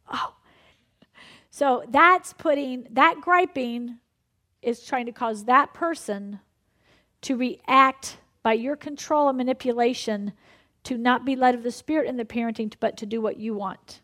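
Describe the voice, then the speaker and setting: A middle-aged woman preaching a conversational sermon, with animated asides and laughter. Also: on the high side, a little slow.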